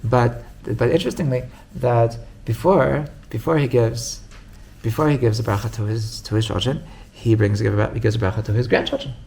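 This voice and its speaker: A man teaching as a rabbi, telling a story with lively acted-out quotes and frequent restarts. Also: moderate pace, creaky. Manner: animated storytelling, acts out quoted voices with big pitch jumps; many restarts and repeated words. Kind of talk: storytelling Torah class.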